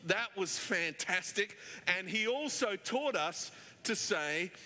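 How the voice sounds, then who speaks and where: In an echoey church hall, a middle-aged male pastor delivers a sermon full of stories, talking chattily and leaning on many fillers. His high, bright voice is forceful, with lively intonation, a slow pace, and few pauses.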